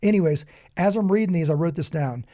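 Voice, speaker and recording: A man's voice: fairly high pitch, fast talker, no room sound, studio quality. A man guest on an interview podcast, talking with emphatic, preacher-like conviction and acting out the people in his stories. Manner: animated storyteller, acts out quoted dialogue. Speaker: podcast guest, security company founder. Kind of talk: conversational interview.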